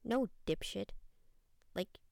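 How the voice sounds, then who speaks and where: A woman voicing a bitter, angry teenage girl who smokes, speaking bluntly in a gravelly voice. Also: slow, a little mellow, no echo, studio quality, natural voice.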